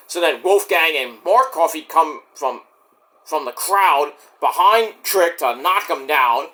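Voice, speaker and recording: A man recaps a wrestling show in a loose, chatty way, swearing freely and slipping into the wrestlers' lines. His voice sits a little high and swings up and down a great deal. The tone is bright and forceful. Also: expressive, a little slow. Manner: profane, chatty, acts out quotes. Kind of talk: casual recap and review.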